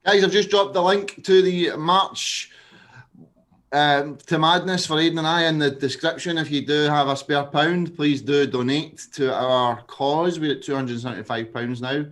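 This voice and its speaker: A man's voice: a little high, steady tone, moderate pace, fairly bright tone. A young man co-hosting a charity livestream, chatting casually and asking viewers to donate. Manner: laid-back, asks viewers to donate. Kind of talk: casual chat.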